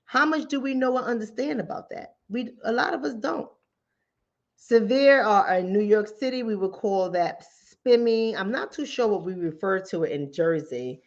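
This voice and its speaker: A woman's voice: mid-range voice, moderate pace. A woman hosting a mental health talk show, speaking in an emphatic, informal way and repeating phrases to drive her points home. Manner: informal speech, acts out callers and her own replies. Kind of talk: conversational commentary. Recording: dull lo-fi recording.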